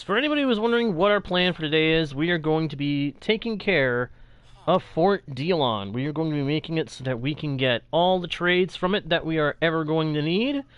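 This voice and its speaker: A man's voice: fairly high pitch, fairly bright tone, smooth, dry recording. A man streaming a video game, chatting casually and greeting viewers from chat in a friendly way. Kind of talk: live gameplay commentary with chat greetings.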